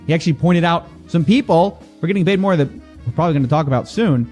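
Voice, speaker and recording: A man's voice: fairly high pitch, quick pace, faint music behind. A man talking straight to camera as an investigative internet commentator, exasperated and a bit mocking. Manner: animated, exasperated, mocking quoted voices. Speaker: investigative YouTuber.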